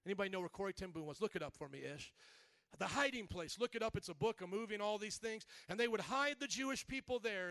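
A man preaching a sermon as pastor, acting out Bible scenes, swinging from shouting to quiet, reflective storytelling. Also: high voice, dry recording. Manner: animated, acts out scenes with shouted voices.

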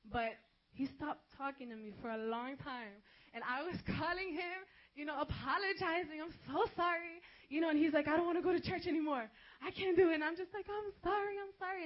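A woman giving a personal faith testimony in a conversational way, with many "you know" asides. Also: high-pitched. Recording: dull lo-fi recording.

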